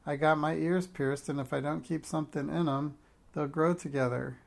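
Storybook reading: brash defiant girl, blunt and demanding, voiced by a gravelly-voiced man. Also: fairly high pitch, fairly even intonation, moderate pace.

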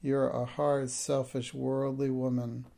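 A man's voice: medium pitch, completely flat delivery, takes it slowly, gravelly, dark tone. A man reading the part of a timid middle-aged schoolmistress, her lines turning tearful and hysterical. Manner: pleading, breaking into hysterical outbursts.

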